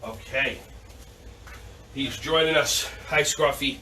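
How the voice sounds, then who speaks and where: Speaking slowly in a medium-pitched, sharp-toned voice, this man runs a children's yoga session, calling out cheerful directions and making goofy animal sounds. The audio comes from a far-off camera microphone with a little background noise.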